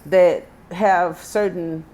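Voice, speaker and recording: A warm, fairly low voice with fairly even intonation and drawn-out words belongs to a Texan-accented woman in her thirties. As a tarot reader, she gives a casual reading, reading the cards' text aloud and adding chatty, joking comments.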